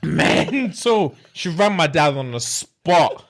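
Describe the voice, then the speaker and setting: A man's voice: a little high, big pitch swings, takes it slowly. A young British man, a podcast co-host, telling a comic story in casual slang-filled chat and laughing often. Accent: British English.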